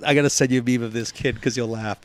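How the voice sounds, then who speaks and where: A man hosting a casual podcast, telling stories in an animated, profane way. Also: medium pitch, fast talker, no echo. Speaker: podcast host. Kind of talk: casual chat.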